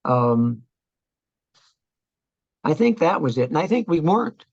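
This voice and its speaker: Older veteran interviewee, gravelly, reflective, halting delivery, dull close recording. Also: male voice, on the high side, very animated, no room sound. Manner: halting, reflective, many restarts. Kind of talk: oral history interview.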